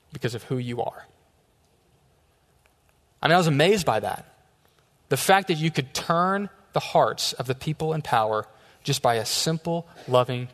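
A man preaching a sermon, telling stories with lively quoted back-and-forth. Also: mid-range voice. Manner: storytelling with quoted dialogue. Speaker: pastor. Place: church sanctuary. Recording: long hall reverb.

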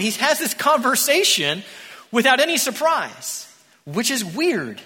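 A man preaching a sermon in a church, an animated storyteller who acts out the characters. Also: sits high, moderate pace, slightly rough. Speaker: pastor. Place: church sanctuary. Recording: echoey church hall.

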